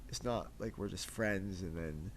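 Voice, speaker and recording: A man's voice: low voice, a little slow, slight background noise. A man co-hosting a casual chat with his wife, talking in a rambling, emotional way and swearing freely. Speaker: podcast co-host, husband.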